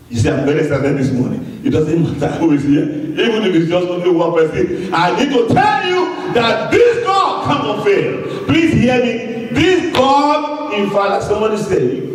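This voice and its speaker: A man preaching a sermon with excitement, swinging between booming shouts and low asides, often laughing. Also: normal speed. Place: church sanctuary. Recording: very echoey, from far off the mic.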